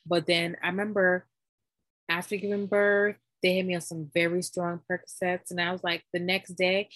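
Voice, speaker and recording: A woman chatting casually, recounting a story with animated delivery and acting out what people said. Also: fairly low pitch, normal speed, dry recording. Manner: animated storytelling, acts out quoted voices. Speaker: storyteller recounting giving birth. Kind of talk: casual chat.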